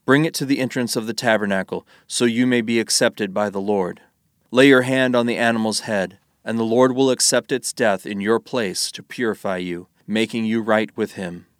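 Low-voiced man reading scripture. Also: moderate pace, no room sound, studio quality. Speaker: Bible reader.

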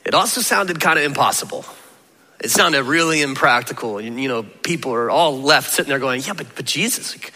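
A man preaching a lively, conversational sermon as a pastor, acting out the voices of Jesus and of the crowd. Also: mid-range voice, fairly quick. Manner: animated, conversational, acts out voices of Jesus and listeners. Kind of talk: energetic sermon. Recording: reverberant hall.

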